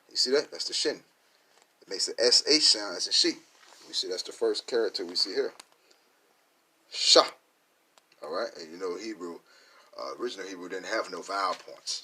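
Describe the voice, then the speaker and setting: A man teaching from scripture, speaking, who punches key words loudly and asks and answers his own questions. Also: fairly low pitch, husky. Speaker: Bible teacher.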